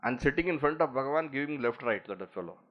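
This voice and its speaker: A man's voice: medium pitch, fast, highs cut off. A man with an Indian English accent giving a spiritual discourse on scripture, telling stories and acting out the people in them. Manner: animated storytelling, acts out quoted voices.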